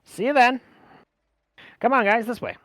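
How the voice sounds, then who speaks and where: A man's voice: very high voice, moderate pace, fairly bright tone, no room sound, voice pushed up. A man voicing a friendly, upbeat male fixer who guides the party. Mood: cheerful. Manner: chummy, upbeat.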